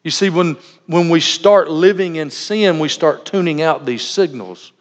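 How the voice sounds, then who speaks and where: A man's voice: a little high, unhurried. A man preaching a sermon as a pastor, earnest and conversational, weaving in personal anecdotes. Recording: dull lo-fi recording in a reverberant hall.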